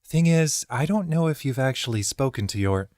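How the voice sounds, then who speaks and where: A man's voice: mid-range voice, expressive, normal speed, a little mellow, dry recording, clean studio sound, pitched above the performer's own voice, lightly acted. A man voicing a blunt, wry young woman adventurer in an audiobook. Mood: guarded.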